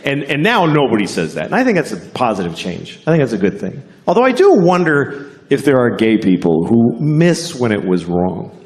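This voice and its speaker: A man doing a stand-up comedy set, delivering deadpan and acting out voices. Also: medium pitch, moderate pace. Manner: deadpan, acts out voices in quotes. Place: theater stage before a live audience. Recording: live show with crowd noise and laughter.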